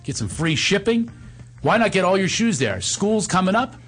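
A man's voice: sits high, normal speed. A middle-aged man hosting a radio show, teasing his co-hosts in casual banter and reading an ad. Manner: teasing, joking, animated.

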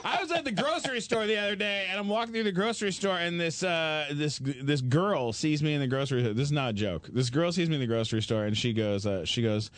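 A man's voice: fairly high pitch, fast, hardly any pauses, fairly bright tone. A man telling comic stories as a guest on a radio show, acting out other people's voices, with others laughing around him in the studio. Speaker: comedian guest.

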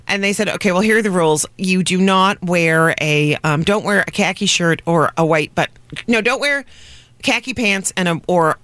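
A woman in middle age tells a self-mocking story as a guest, playing out every character in it. Her voice is bright and pushes forward. The sound is close and dry. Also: medium pitch, brisk, dry recording. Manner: animated, self-mocking anecdote with quoted voices. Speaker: guest comedian. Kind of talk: comic storytelling.

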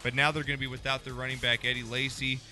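A young man hosting a casual sports talk show, joking and moving briskly through segments. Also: medium pitch, level tone, bright, forceful tone, soft background music.

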